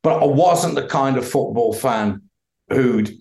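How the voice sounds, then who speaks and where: A man's voice: mid-range voice, unhurried, vocal fry, darkish tone. A middle-aged man, chatting as a podcast guest and laughing through his stories. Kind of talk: casual chat. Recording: roomy echo.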